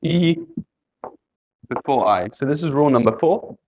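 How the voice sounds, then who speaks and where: A man's voice: mid-range voice, animated, moderate pace, a little mellow, a little hiss or hum. A man teaching an English spelling lesson, patiently repeating letters and example words.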